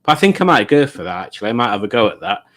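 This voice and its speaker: A man's voice: lowish voice, big pitch swings, racing, a bit bright. A middle-aged man hosting a casual livestream, rambling as he reads out viewer comments. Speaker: livestream host.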